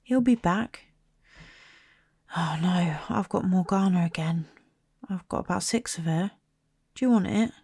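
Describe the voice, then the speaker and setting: A woman's voice: lowish voice, unhurried, long pauses, a little mellow, slightly rough, no echo, studio quality. A woman voicing a cheeky, chatty young schoolboy in a read-aloud storybook. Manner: chatty, blunt.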